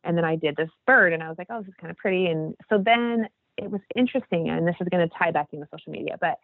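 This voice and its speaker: A woman's voice: on the low side, fast talker, dry recording. A woman in her forties talking earnestly in a casual faith chat, rambling with many restarts. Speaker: podcast guest. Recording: tinny phone-like line.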